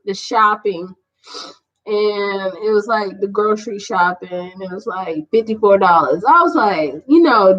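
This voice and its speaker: A woman tells a personal testimony on her podcast, emphatic and animated. Her voice sits a little high and she talks slowly. The recording sounds slightly muffled and lo-fi. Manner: emphatic and animated, laughing through the story. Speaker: podcast host and prophetess. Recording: muffled lo-fi audio.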